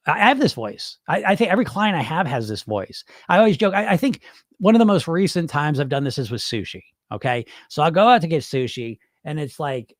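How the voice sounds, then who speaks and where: Middle-aged coach guy ranting, swears a lot, voice jumps all over, kinda high. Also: fast talker, no echo, clean studio sound. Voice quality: animated, emphatic, swears freely. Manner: argumentative rhetorical questions, acts out his own inner voice. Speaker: weight loss coach. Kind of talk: direct-to-camera advice talk.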